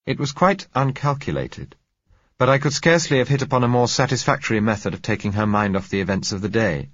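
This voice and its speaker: A man reading a novel aloud as narrator, in a measured, dryly wry manner. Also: mid-range voice, a bit bright, husky, dry recording, muffled recording. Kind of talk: audiobook narration.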